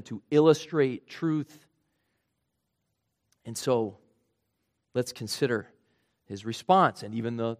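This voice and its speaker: A man preaching a sermon in an earnest way, his voice rising for emphasis and then dropping low and quiet. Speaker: pastor.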